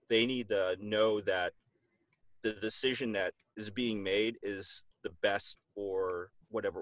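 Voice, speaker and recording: A man's voice: on the low side, a bit bright, dry recording. A man as a guest on an interview show, speaking thoughtfully with many fillers and restarts. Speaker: guest, military veteran. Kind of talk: casual conversational interview.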